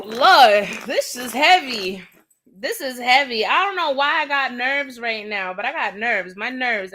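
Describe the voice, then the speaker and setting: Bright-voiced woman reading tarot live. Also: on the high side. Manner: chatty, exclamatory, talks to spirit and viewers. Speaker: tarot reader.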